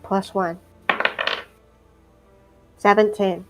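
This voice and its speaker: Female player, mid-pitch, excitable, blurts and swears. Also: extremely slow, over music. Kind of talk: casual tabletop game chat.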